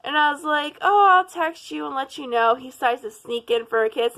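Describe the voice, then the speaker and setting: A young woman tells a dating story to her vlog viewers, talking in a fairly high voice. She acts out the lines of the people in her story and laughs along the way. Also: fairly quick, few pauses. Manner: animated, laughing, acts out quotes. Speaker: vlogger. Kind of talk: casual storytime.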